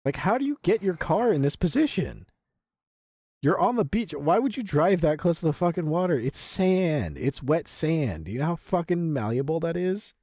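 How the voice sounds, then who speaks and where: A man's voice: fairly high pitch, very animated, normal speed, a little mellow, dry recording, studio quality. A man streaming live, reacting to videos with profane, incredulous commentary.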